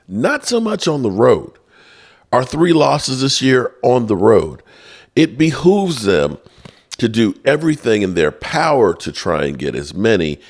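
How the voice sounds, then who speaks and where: A man hosting a sports podcast, chatty and opinionated, talking straight to his viewers in casual commentary. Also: lowish voice.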